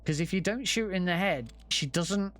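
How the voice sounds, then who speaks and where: A man's voice: high-pitched, animated, normal speed, fairly bright tone, soft background music. A man giving casual, chatty commentary while playing a game, often correcting himself and swearing offhand. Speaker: speedrunner.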